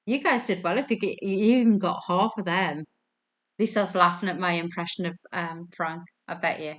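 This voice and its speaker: A woman's voice: lowish voice, brisk. A woman hosting a casual online quiz over a video call from home, chatty, giggly and self-deprecating. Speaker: quiz host.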